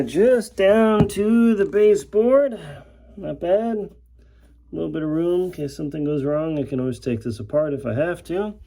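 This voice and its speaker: A man chatting casually to the viewer while building something at home, in a jokey, talkative way. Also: fairly high pitch. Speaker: home DIY vlogger. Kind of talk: casual how-to narration. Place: home office during building work. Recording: roomy echo in a bare room.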